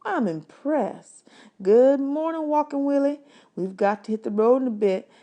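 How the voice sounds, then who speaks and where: A woman's voice: high-pitched, animated, measured pace, mellow, voice pushed up. A woman reading aloud the part of an easygoing older man who jokes and teases in a folksy way. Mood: teasing. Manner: teasing, folksy. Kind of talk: storybook read-aloud.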